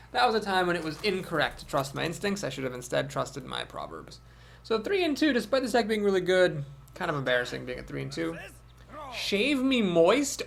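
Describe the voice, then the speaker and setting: A man casually commentating his own card game, thinking aloud and poking fun at his own mistakes, with sudden animated outbursts. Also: a little high, vocal fry.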